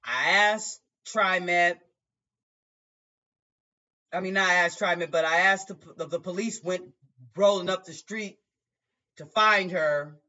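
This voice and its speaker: Emotional bus driver, halting delivery, higher male voice, dull lo-fi recording. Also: sharp tone. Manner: emotional, halting, many restarts. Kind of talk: personal storytelling monologue. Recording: dull lo-fi sound.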